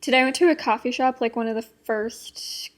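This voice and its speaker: A woman's voice: a little high, a little fast. A young woman co-hosting a podcast in casual chat, giggly and rambling with lots of filler words. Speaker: podcast co-host.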